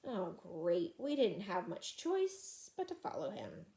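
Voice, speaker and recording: A woman reading a children's chapter book aloud in an expressive, animated way. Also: lowish voice, slow. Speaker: reader.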